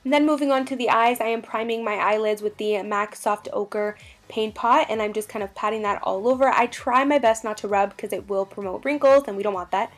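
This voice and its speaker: Young female beauty vlogger, bubbly and gushing, chatty tutorial voice-over. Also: medium pitch.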